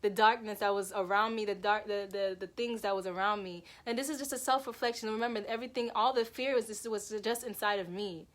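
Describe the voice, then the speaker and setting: A woman's voice: mid-range voice, a little fast, few pauses. A woman telling a personal story to camera in a loose, emphatic, rambling way. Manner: animated, emphatic, lots of "like" and "yo".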